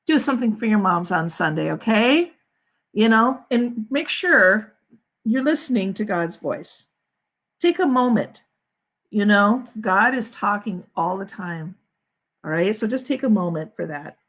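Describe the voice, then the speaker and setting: A woman, a school principal, chatting casually to her students on a livestream, encouraging and quick to laugh, with restarts. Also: medium pitch, lively intonation, a bit bright.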